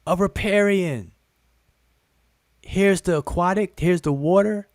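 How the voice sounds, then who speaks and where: A man's voice: sits high, unhurried, long pauses, dry recording, studio quality. A man hosting a live-stream lesson, talking straight to his viewers with lots of repetition and direct questions. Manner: animated, repetitive, calls out "look, look" to viewers; addresses the audience as "y'all" and "family". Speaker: host teaching on a live stream.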